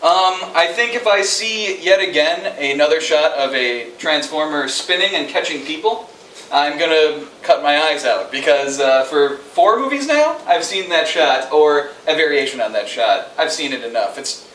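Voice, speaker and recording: A man gives a loose, sarcastic movie review full of ums and uhs. His voice sits a little high. He is recorded in an echoey room, well away from the mic, with faint noise behind him. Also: lively intonation, moderate pace, fairly bright tone, far from the mic. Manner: rambling, sarcastic, many fillers. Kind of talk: casual movie review chat.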